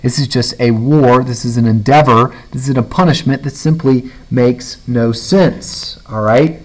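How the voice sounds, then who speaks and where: A male teacher giving a recorded literature lecture, pausing often with "uh" and "all right?" and reading a passage aloud slowly. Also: medium pitch, rough recording. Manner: frequent fillers and "all right?" check-ins, reads passages aloud slowly. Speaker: high school English teacher.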